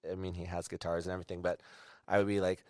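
An animated, enthusiastic man co-hosting a podcast and telling stories in casual chat. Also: sits low, rapid-fire, no echo, clean studio sound. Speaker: podcast co-host.

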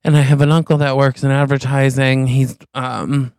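A man's voice: mid-range voice, flat delivery, normal speed, darkish tone, smooth, dry recording, clean studio sound. A young adult man co-hosting a podcast, telling a story in a wry, easygoing way. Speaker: podcast co-host. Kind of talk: casual storytelling chat.

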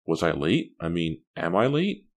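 A man's voice: low voice, very animated, normal speed, heavily acted. A man voicing a coy, teasing teenage girl.

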